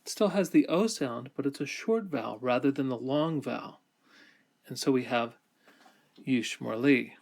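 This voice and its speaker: A man slowly explaining grammar in a recorded lecture, measured and methodical, sometimes correcting himself. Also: medium pitch, gravelly, a little mellow. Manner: slow, measured explaining with occasional self-corrections. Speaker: teacher.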